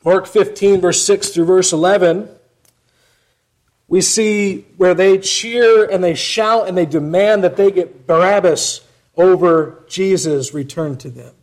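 Emphatic higher-voiced male preacher. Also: a little slow. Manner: rhetorical questions, rising for emphasis then dropping soft. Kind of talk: sermon.

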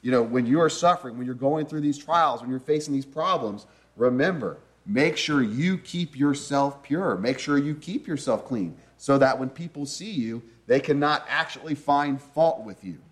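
A man's voice: medium pitch, normal speed, few pauses. A man preaching a sermon in an earnest, conversational teaching manner, often asking his listeners rhetorical questions.

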